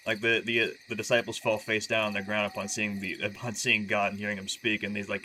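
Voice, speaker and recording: Bright, sharp-toned man streaming casually. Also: lowish voice, little pitch movement, a little hiss or hum, low-quality recording. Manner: halting, stumbles and restarts often; chatty and wry when talking freely. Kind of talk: casual live-stream chat and reading aloud.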